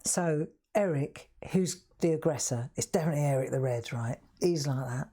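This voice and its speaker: A woman's voice: sits low, moderate pace, mellow, slightly rough. A woman hosting a live craft demonstration, chatting to viewers and laughing often as she works. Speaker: craft show host.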